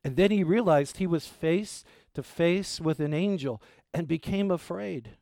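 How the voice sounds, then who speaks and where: A man's voice: measured pace, creaky, no echo. Man preaching with a raised, dry-toned voice. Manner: expressive storytelling, voice dropping low and soft at phrase ends. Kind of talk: sermon.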